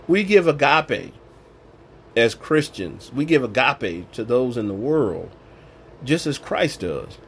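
A man's voice: mid-range voice, animated, slow, creaky, a little hiss or hum. A man giving an informal sermon, preaching in an emphatic, colloquial way. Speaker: Bible teacher.

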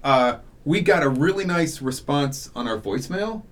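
A man's voice: on the high side, lively intonation, normal speed, fairly bright tone, slight background noise. A man in casual podcast conversation, telling stories animatedly, acting out quotes and using many fillers. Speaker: podcast guest, audio drama author.

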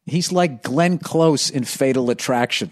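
A man's voice: medium pitch, a little slow, a little mellow. A man, rambling through a solo podcast monologue, profane and sarcastic. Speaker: podcast host.

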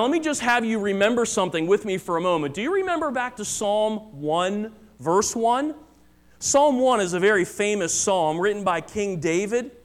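High-voiced earnest male preacher. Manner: earnest, emphatic, repeating key phrases. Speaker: pastor. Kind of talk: sermon. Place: church.

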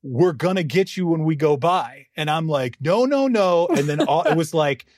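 A man co-hosting a sports podcast, telling a story in lively casual chat and laughing often. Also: a little high, normal speed, dry recording, clean studio sound. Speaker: podcast co-host, NFL writer.

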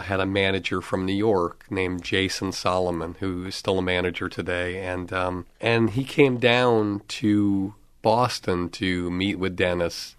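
A man's voice: low voice, clean tone, no echo, clean studio sound. A middle-aged man, a comedy manager appearing as a guest, telling chatty stories and acting out the people in them. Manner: chatty, lively storyteller who quotes others. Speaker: comedy manager and podcast host, guest here. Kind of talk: anecdotal storytelling.

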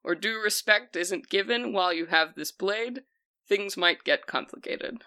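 A woman narrating a tabletop game as game master, describing scenes in a slow, hushed storytelling manner. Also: medium pitch, dry recording.

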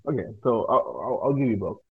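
Halting young man on a tinny line. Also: medium pitch, lively intonation, husky. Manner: hesitant, halting with restarts. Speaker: tabletop game master. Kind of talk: casual podcast chat.

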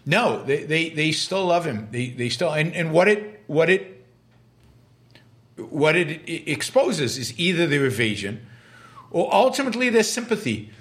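A man hosting a live stream, reading viewer questions aloud and answering them in a halting, emphatic way, often restarting his words. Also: a little high, big pitch swings, fairly bright tone. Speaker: host.

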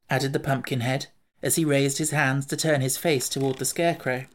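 A woman narrating a storybook in a steady, even reading. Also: rumbling low, normal speed. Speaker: audiobook narrator.

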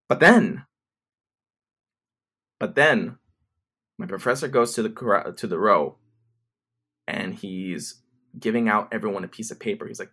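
A man's voice: fairly low pitch, sharp tone. A man in his twenties telling a story to camera in a casual, rambling way, with swearing and many restarts. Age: 20s. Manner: fast, rambling, profane retelling with many restarts.

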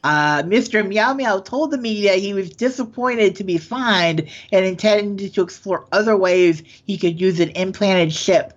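A man's voice: high voice, unhurried, few pauses. Man reading odd news, dull sound. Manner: reads news items, stumbles and corrects himself. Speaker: podcast co-host. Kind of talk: casual news chat.

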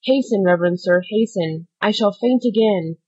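A woman's voice: mid-range voice, normal speed, dark tone, slightly rough, lo-fi sound, lightly acted. A woman reading aloud, voicing a wounded dying man who pleads frantically for help. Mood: desperate. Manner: frantic, gasping pleas.

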